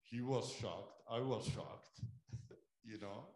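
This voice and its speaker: A man giving a sermon testimony as a guest missionary speaker, telling a story with animated delivery and acting out what people said. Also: mid-range voice, takes it slowly, reverberant. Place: church.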